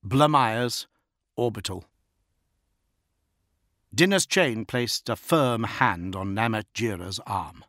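A man narrating a science-fiction audiobook in a measured, dramatic way. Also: lowish voice, animated, a bit bright, no room sound, clean studio sound.

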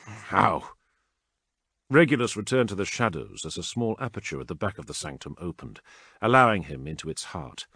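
Low-voiced man reading a sci-fi audiobook. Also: big pitch swings, fairly quick, vocal fry, a bit bright, slightly rough, no echo, studio quality. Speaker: audiobook narrator. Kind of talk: scripted narration.

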